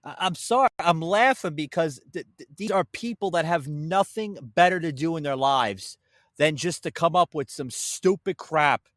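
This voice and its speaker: A man's voice: fairly high pitch, moderate pace, fairly bright tone, no room sound, studio quality. A man hosting an opinion podcast, ranting in a heated, sarcastic way and swearing as he talks to his listeners. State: a little winded. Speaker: podcast host.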